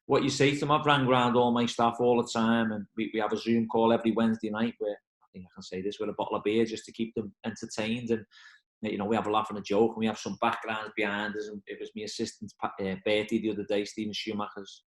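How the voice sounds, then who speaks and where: A football manager talks fast in a casual interview, bringing his stories to life by acting out the people in them. His voice rings around an echoey room. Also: on the low side. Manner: animated storyteller, acts out quoted voices.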